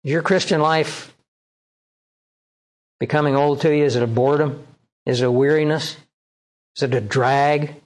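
A man's voice: fairly high pitch, steady tone, moderate pace, long pauses. A male pastor preaching a sermon, reading scripture aloud and pressing the congregation with rhetorical questions. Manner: reads scripture aloud and explains it.

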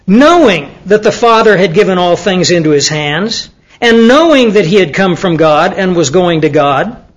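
A man's voice: high-pitched, rough recording. A man teaching the Bible to students in a conversational way, often asking them questions. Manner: conversational, asks the audience questions, with fillers.

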